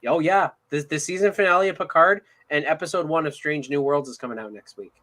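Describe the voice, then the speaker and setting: A man co-hosting a casual online show, talking in halting bursts full of fillers and restarts. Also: a little high, fairly bright tone. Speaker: co-host.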